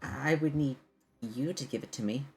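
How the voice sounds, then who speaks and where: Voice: medium pitch, moderate pace, vocal fry, darkish tone, faint music behind, lightly acted. A game master voicing Fate, a secret minor god who talks bluntly and casually and swears. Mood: breezy.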